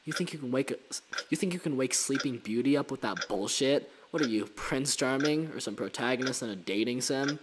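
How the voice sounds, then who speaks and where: A man's voice: medium pitch, fairly quick, background noise, close to an everyday voice. Man reading as a taunting female shadow spirit.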